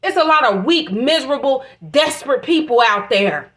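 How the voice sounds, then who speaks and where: Woman ranting spiritual stuff on her vlog, high voice, swears a lot, gets emotional. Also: animated, moderate pace, fairly bright tone. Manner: passionate, preachy, swears freely. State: emotional, voice catching. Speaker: vlogger.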